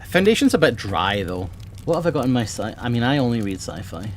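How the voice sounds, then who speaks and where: A man's voice: mid-range voice, big pitch swings, a little fast, a little hiss or hum. Man rambling about books. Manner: rambling and enthusiastic, swears often. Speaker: streamer. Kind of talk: casual chat about books. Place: home room with bookshelves.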